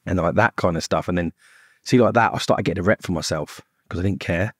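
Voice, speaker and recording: A man's voice: low-pitched, fast, slightly rough, no room sound, clean studio sound. A middle-aged man, telling his story as a podcast guest in a blunt, rambling way full of swearing. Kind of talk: casual storytelling.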